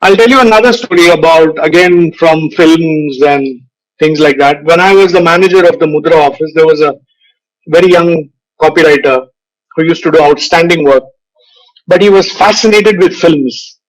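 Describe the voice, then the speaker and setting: Brief: older male speaker, slightly high voice, unhurried anecdotes, lecture tone. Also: low-quality recording. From India. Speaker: guest speaker, advertising veteran. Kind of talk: motivational speech with anecdotes. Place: virtual event recording.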